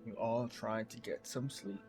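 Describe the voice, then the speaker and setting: Slow-paced man narrating a tabletop game. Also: mid-range voice, fairly even intonation, darkish tone, faint music behind. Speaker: game master.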